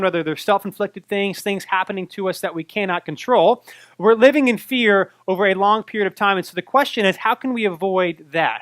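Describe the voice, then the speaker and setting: A bright, high-voiced man in his thirties, a pastor from North Carolina preaching a sermon. He tells stories in an animated way and acts out his own fright. The sound is close and dry, with no room echo. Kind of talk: sermon with personal story.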